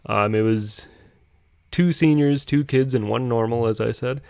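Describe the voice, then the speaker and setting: A man's voice: medium pitch, measured pace, gravelly, darkish tone, clean tone, dry recording, clean studio sound. A young man casually telling a rambling story on a podcast, chuckling as he goes. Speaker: podcast host.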